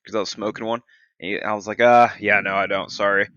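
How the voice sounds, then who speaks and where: Man, podcast co-host, bright voice, dry close sound, laughing storyteller. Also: on the low side, fast, clear, resonant tone, no room sound, lo-fi sound. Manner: animated storyteller, swears often, laughs a lot. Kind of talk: casual chat.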